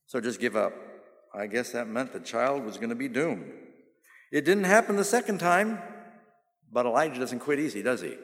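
A male pastor preaching a sermon, asking the audience questions and answering them himself, and slowing down to stress key phrases. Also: mid-range voice, a bit bright. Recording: long reverb of a large hall.

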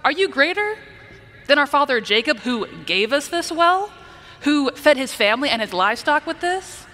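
A woman's voice: high voice, big pitch swings, moderate pace, sharp tone, big-room sound, pitched above the performer's own voice, heavily acted. A woman voicing a mocking, sarcastic Samaritan woman at a well, challenging the stranger she speaks to.

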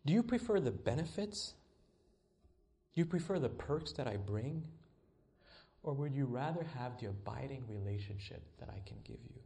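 A middle-aged man preaching a sermon in an earnest voice, rising to pleading and dropping to quiet tones. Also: big pitch swings, unhurried, long pauses. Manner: earnest, swings from pleading highs to quiet lows. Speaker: pastor.

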